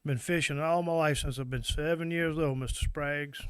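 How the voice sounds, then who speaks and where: Southern fisherman, mad and shaking, bit high voiced, dry close sound. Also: fairly even intonation, normal speed, clear, resonant tone, no echo. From Mississippi. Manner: angry, emotional, pleading. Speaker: oyster fisherman giving public comment. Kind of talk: impassioned public comment. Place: public meeting room.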